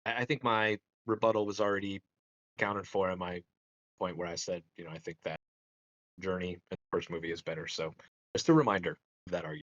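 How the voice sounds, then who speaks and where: A man co-hosting a film podcast, cutting in apologetically and talking in a halting, casual way. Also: low-pitched, steady tone, fairly bright tone, highs cut off. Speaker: podcast co-host. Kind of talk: casual film debate chat.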